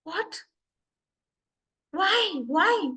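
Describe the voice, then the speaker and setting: A woman's voice: very high voice, lively intonation, drawn-out words, sharp tone, voice pushed up, full character voice, rough recording. A woman voicing a heartbroken, abandoned city. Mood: fearful. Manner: lamenting, dramatic rising outcries. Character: personified city, anguished and abandoned. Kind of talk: live storytelling.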